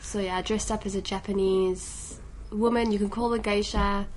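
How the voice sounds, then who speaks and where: A woman's voice: medium pitch, fairly even intonation, normal speed, slight background noise, poor audio. A woman from Johannesburg with a South African accent, chatting as a podcast guest in an office conference room in a composed, matter-of-fact way. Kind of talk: casual podcast chat.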